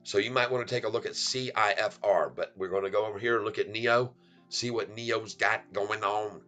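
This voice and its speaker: Bright-voiced jokey stock-streaming man. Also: fairly low pitch, steady tone, normal speed, soft background music. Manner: jokey, rhyming, laughs often, hypes viewers. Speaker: stock market livestream host. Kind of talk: playful sing-song stock chat.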